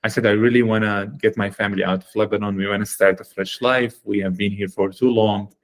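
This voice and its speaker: A man with a fairly low voice tells his story as a podcast guest. He talks in an earnest, animated way and leans on fillers while he gathers his thoughts. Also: a little fast. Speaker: guest, chocolate company founder.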